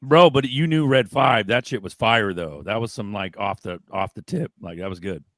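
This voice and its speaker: A man's voice: lowish voice, moderate pace, fairly bright tone, dry recording, studio quality. Brash swearing male podcast co-host. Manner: profane, joking, brash. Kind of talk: casual chat.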